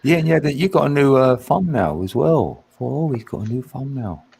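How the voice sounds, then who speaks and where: A man with a husky, gravelly voice co-hosts a casual group chat on a livestream. His pitch swings up and down a lot as he greets viewers and reads out likes. He talks over an online call. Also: animated, moderate pace, darkish tone.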